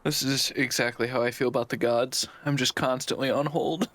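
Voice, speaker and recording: A man playing a tabletop game, quick and joking in casual chat. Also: mid-range voice, fairly even intonation, fairly bright tone, no room sound. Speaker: player.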